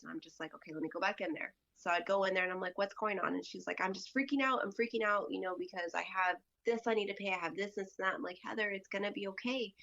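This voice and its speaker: A woman with a lowish, slightly bright voice tells a casual story as a podcast guest, recorded with lo-fi sound. She's chatty and full of fillers, acting out other people's lines as she goes.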